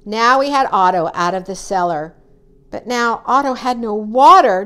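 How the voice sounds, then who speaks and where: A woman reading a children's story aloud, acting out the characters with high, excited cries. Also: moderate pace, clean tone.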